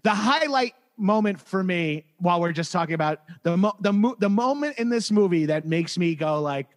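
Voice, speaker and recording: Excitable male podcast co-host, high voice, profane and animated. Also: moderate pace. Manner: excited, profane, mimics lines. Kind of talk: casual movie discussion.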